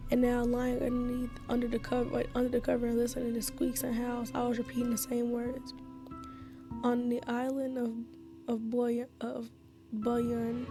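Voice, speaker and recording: Woman reading a horror game aloud. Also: on the high side. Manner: hushed reading broken by loud profane outbursts. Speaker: gaming streamer.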